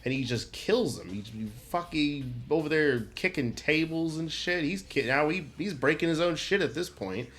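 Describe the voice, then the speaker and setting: A man's voice: fairly high pitch, animated, normal speed, few pauses, a bit bright. Man, comedic game ranter; profane, rambling, mock-indignant, exaggerated. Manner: stammering restarts, goofy exaggeration. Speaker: channel host. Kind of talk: comedic video game rant.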